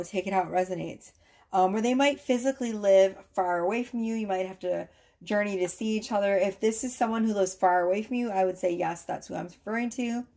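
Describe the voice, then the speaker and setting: A woman giving a casual tarot reading to camera, gushing and excitable, swearing freely as she talks. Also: medium pitch. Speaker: tarot reader.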